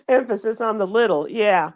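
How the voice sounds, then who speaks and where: On her radio show, a middle-aged woman whose voice sits on the high side talks through the news conversationally. Her speech stumbles with fillers and restarts, and the recording lacks its high frequencies.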